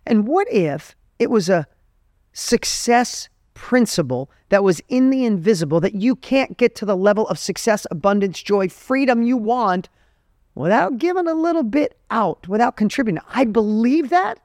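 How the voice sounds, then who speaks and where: A man's voice: high voice, animated, normal speed, a little mellow, no echo, clean studio sound. A middle-aged man giving an earnest, emphatic motivational talk as a podcast host, telling stories to make his points. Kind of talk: motivational monologue.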